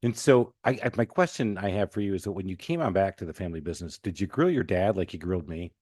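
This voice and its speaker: A man hosting a podcast, telling stories in a lively, joking way. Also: low-pitched, fast, husky, dry recording, clean studio sound. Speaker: podcast host. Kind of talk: casual podcast conversation.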